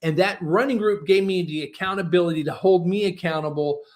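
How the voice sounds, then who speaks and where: Man in his forties, motivational workshop talk, folksy storytelling, encouraging, slightly high voice. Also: brisk. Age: 40s. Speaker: book publisher teaching a workshop.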